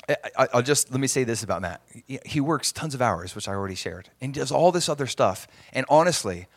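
A man's voice: medium pitch, a bit bright, no echo, studio quality. A middle-aged man preaching as a pastor, earnest and emphatic, often restarting his sentences. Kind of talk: sermon.

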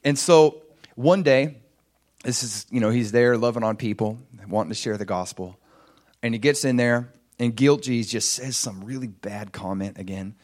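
A man preaching, telling a story in an animated way, chuckling and acting out what people said. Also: medium pitch, normal speed. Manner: animated, chuckling storyteller who acts out quotes. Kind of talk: sermon storytelling.

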